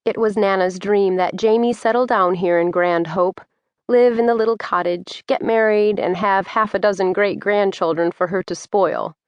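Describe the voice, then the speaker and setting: A woman reading an audiobook in measured, descriptive scripted narration. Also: mid-range voice, steady tone, clean tone, no echo.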